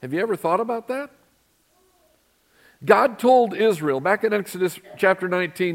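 A middle-aged pastor delivers his sermon in the church sanctuary with a conversational feel, asking the congregation questions. His voice is high, his pace moderate, and he leaves long pauses.

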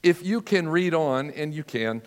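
A man preaching a sermon as a pastor, earnest and measured, telling stories with drama. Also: a little high, expressive, in a large hall.

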